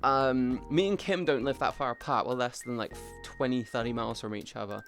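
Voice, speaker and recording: A young man rambles through a casual stream chat, tripping over his words and circling back to restart his sentences. His voice sits at an ordinary middle pitch, with faint music playing underneath. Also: fairly quick, a bit bright. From England, near Bristol. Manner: rambling, self-interrupting, chatty. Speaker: livestreamer.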